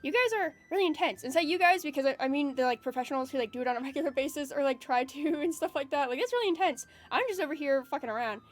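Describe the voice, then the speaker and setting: A woman streamer with a high, bright-pitched voice chats casually with her viewers on a live stream. She is excitable and emotional, swears freely, and sounds openly grateful. Quiet music plays faintly behind her. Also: fast, hardly any pauses. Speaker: VTuber streamer.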